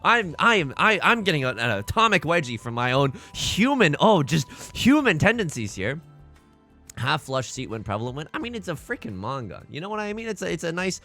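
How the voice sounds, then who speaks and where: A young man giving casual, self-mocking commentary over a mahjong game, jokey and animated. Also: a little high, brisk, soft background music. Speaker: mahjong streamer. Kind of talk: casual let's-play commentary.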